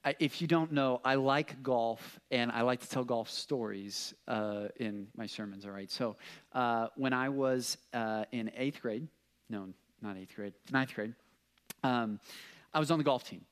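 A young man preaching a casual sermon, telling stories with lots of fillers and animated asides. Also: mid-range voice, a little slow, clear, resonant tone. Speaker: pastor.

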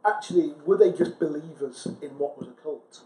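A man with a somewhat high voice talks reflectively as a podcast co-host, working through his thoughts aloud and often restarting his sentences. The room around him carries a noticeable echo. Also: a little fast, dark tone. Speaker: podcast co-host, sales recruiter. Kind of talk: casual chat. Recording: echoey room.

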